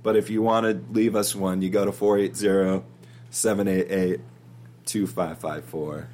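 Male podcast co-host, lower voice, playful banter, faint hum behind. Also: fairly even intonation, normal speed, darkish tone. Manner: joking, laughs often, teasing.

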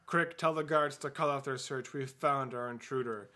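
A man's voice: mid-range voice, steady tone, moderate pace, bright, forceful tone, natural voice. A man voicing a scheming male jewel thief in a casual read-aloud, curt and commanding. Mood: cold.

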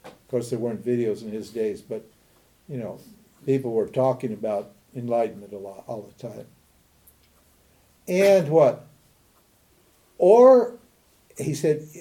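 An older spiritual teacher from Montana, USA, gives an emphatic teaching talk in which he poses rhetorical questions and answers them himself. His voice is a little high and dark in tone.

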